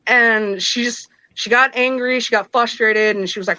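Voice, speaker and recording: A woman's voice: a little high, measured pace, bright, forceful tone, dry recording, dull audio. A woman in her thirties casually telling a personal story, acting out the voices of others and laughing between lines. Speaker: guest telling her own experiences.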